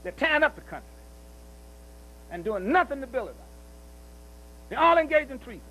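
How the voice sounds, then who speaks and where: At a commemorative celebration, a man preaches in a strikingly high, bright, forceful voice, very animated and brisk. He hammers his points home through repetition and rhetorical questions like "see?", asking whether listeners follow him. The recording is rough.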